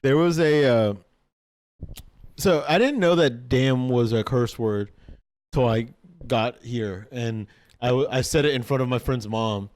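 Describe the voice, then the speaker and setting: A man's voice: mid-range voice, measured pace, a little mellow. A young adult man co-hosting a podcast, telling rambling stories in casual chat and saying "like" a lot. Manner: rambling storyteller, heavy use of "like". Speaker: podcast co-host.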